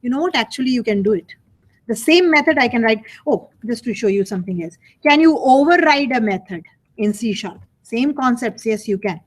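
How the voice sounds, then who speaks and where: A woman's voice: on the high side, animated, brisk. Chatty woman lecturing a programming class. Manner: conversational, repeats phrases, asks rhetorical questions. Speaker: college programming instructor.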